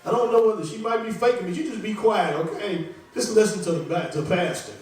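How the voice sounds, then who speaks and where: A man's voice: high-pitched, quick pace, soft background music. A man doing a stand-up comedy set in a small club, rambling and conversational, poking fun at himself. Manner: rambling, conversational, self-deprecating. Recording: echoey room, voice from far off.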